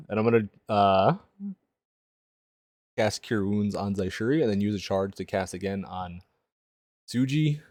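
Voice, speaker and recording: A man's voice: on the low side, lively intonation, unhurried, pauses often, a little mellow, dry recording, clean studio sound. A man playing a tabletop game, blunt and profane, grumbling about his choices. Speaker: player.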